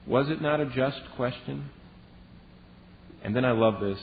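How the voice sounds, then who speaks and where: A man preaching a sermon as a Bible teacher, telling the story in a lively way and acting out the lines he quotes. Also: mid-range voice, moderate pace, pauses often. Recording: dull lo-fi recording with long reverb and faint hiss.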